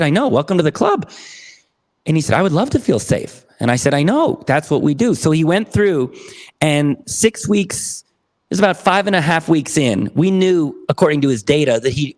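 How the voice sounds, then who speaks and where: Excited guy on a podcast, talks a bit high, acts out both sides of the convo. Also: moderate pace. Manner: energetic, enthusiastic, acts out dialogue. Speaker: podcast guest, therapy program founder. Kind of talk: animated storytelling.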